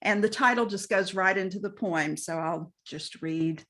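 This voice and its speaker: A woman's voice: medium pitch, moderate pace, a bit bright. A woman with a Southern US accent reading her own poem aloud over a video call, savoring each line. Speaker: poet. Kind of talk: poetry reading.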